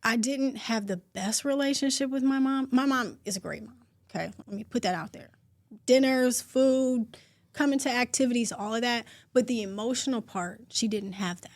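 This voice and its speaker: Heartfelt, expressive woman in her forties. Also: on the high side, normal speed, no echo. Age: 40s. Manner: heartfelt and expressive, talks openly and at length. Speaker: podcast co-host. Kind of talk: casual podcast chat.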